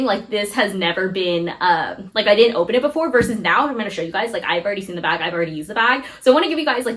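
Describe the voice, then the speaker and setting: A young woman in her twenties talking casually in a handbag unboxing vlog, gushing and excitable, full of "like" and "um", teary with excitement at times. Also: mid-range voice. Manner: gushing and excitable, lots of fillers like "like" and "um". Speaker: luxury handbag vlogger.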